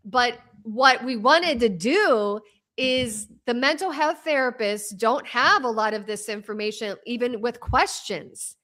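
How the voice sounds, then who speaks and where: A woman speaking as an interview guest, an author and trauma coach, talking in an animated, rambling way with frequent restarts. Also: on the high side. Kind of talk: casual interview talk.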